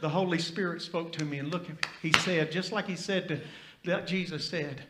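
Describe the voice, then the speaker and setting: Fiery pastor in an echoey church. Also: male voice, fairly high pitch, fairly even intonation, brisk, heavy background noise. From Tennessee. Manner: storytelling, building to loud fiery preaching. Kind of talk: sermon.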